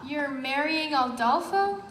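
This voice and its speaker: A woman's voice: sits high, lively intonation, slow pace, fairly bright tone, slight background noise, heavily acted. A woman playing a dramatic young showgirl bride, theatrical and exclamatory, in a stage musical. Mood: flustered. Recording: echoey hall, live stage.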